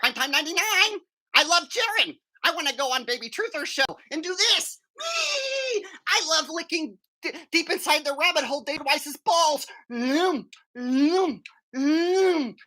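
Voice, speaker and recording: A man putting on a mocking impression of a shrieking, whooping male comedian, yelling and exaggerated. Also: expressive, measured pace, exaggerated voice. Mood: shrill mocking. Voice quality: shrill, yelling.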